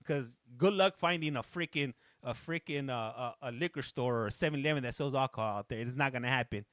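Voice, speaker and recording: This man speaks fast in a mid-range, fairly bright voice, captured as a dry studio recording. Hosting a relaxed live stream, he tells a meandering story in a chatty way, repeatedly stopping to read viewer messages and answer them, with brief lapses into Spanish.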